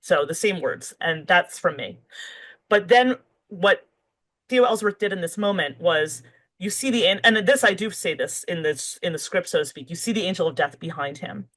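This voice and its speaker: A woman's voice: fairly low pitch, moderate pace, a bit bright, poor audio. Woman author thinking aloud. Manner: thinks aloud with fillers and restarts. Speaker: guest author. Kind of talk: conversational interview.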